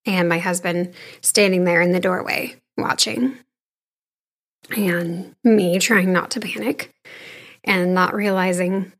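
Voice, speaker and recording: A woman in her thirties candidly recounting a personal experience in a conversational, frank way, sometimes dropping to a hushed voice. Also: lowish voice, a little slow. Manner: frank, conversational, shifting between hushed and animated. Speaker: storyteller sharing a personal experience.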